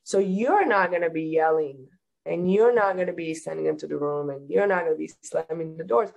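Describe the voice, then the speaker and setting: A woman talking as a hypnotherapist guest in a casual interview, calmly explaining and giving practical advice. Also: deep voice, brisk, creaky, muffled recording.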